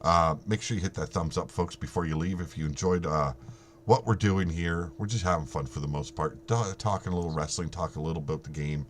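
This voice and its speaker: A man's voice: low-pitched, brisk. A middle-aged man hosting a live stream in casual chat, swearing freely and laughing often.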